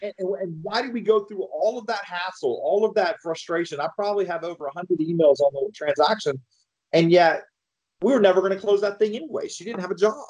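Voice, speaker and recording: High-voiced man telling lending stories. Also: a little fast, a little mellow, rough recording. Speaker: mortgage lender guest. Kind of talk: casual chat.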